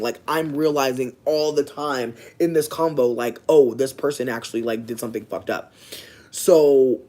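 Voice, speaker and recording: A young man telling a personal story in a casual, profane, slangy way, swinging from low asides to loud, animated outbursts. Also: normal speed. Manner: breaks off to talk to passersby.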